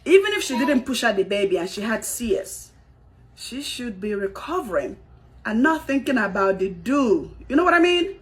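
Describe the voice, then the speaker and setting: A woman's voice: on the high side, big pitch swings, moderate pace. A woman giving dramatic reaction commentary, exclaiming and laughing as she talks.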